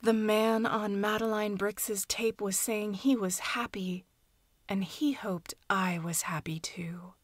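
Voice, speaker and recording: Soft-spoken woman reading a story. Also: medium pitch, no room sound, studio quality. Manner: soft, hushed, measured reading. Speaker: audiobook narrator. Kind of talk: scripted fiction narration.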